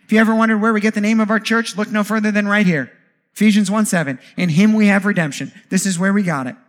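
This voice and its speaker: A man preaching a sermon as pastor, animated, with jokey asides and rhetorical questions. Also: sits high, fast talker.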